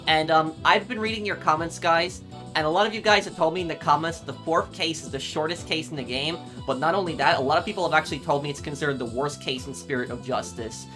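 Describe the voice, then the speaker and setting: A man's voice: a little high, fast, pushed and bright. A man hosting a video game playthrough, chatting casually to viewers with lots of fillers. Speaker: let's play host. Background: game music.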